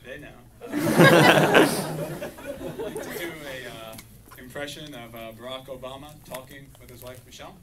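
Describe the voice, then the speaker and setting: A man's voice: mid-range voice, a little slow, pauses often. A young man performing stand-up comedy on a university stage, speaking hesitantly with many fillers. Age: young adult. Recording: distant mic, loud crowd and noise. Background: audience laughter and ambience.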